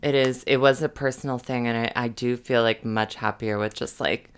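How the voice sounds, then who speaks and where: Woman co-host, smooth resonant voice, casual chat, gushing and slangy. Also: very deep voice, steady tone, moderate pace. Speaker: podcast co-host.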